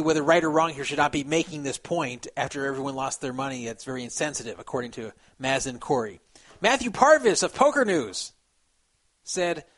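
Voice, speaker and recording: A man giving casual commentary on social media posts, animated and laughing at his own remarks. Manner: animated, acts out quoted voices with sudden pitch jumps. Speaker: poker commentator.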